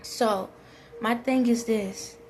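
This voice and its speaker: A woman's voice: a little high, fairly even intonation, slow, darkish tone, slight background noise. A woman vlogger giving relationship advice, talking bluntly and directly to her viewers in a casual way.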